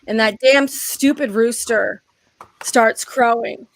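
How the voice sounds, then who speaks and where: Woman guest for casual live-stream banter: blunt, profane storyteller, a touch high-pitched. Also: slow, rough recording. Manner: blunt, swears freely, laughs while telling stories. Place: at home.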